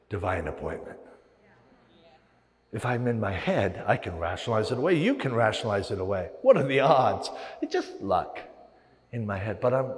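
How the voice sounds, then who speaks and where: Lively low-voiced pastor in a big hall. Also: male voice. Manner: animated storytelling with acted-out inner voices. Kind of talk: sermon. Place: large church hall. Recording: long reverb of a large hall.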